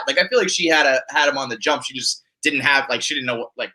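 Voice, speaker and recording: A man's voice: a little high, fairly even intonation, fast, bright, forceful tone. A man as a guest on a podcast, talking bluntly and emphatically with swearing. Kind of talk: casual chat.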